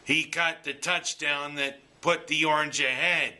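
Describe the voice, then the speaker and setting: A man's voice: fairly high pitch, steady tone, unhurried, pushed and bright. A man ranting about his local football team's loss in an exasperated, joking sports monologue. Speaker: sports commentator.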